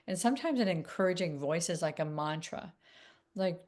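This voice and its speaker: A woman with a notably low-pitched voice coaches viewers on self-regulation. She talks in a soft, wandering way, full of fillers and small restarts. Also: lively intonation, moderate pace. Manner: gentle, meandering, many fillers. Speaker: relationship coach. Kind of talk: casual teaching monologue.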